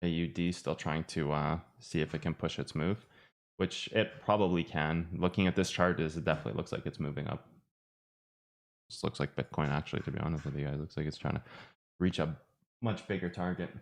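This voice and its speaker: A man's voice: a bass voice, steady tone, fairly quick. A man with an Irish accent giving chatty, rambling live commentary on trading charts, joking at himself as he goes. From Ireland. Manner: chatty, rambling, self-mocking. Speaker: trading streamer.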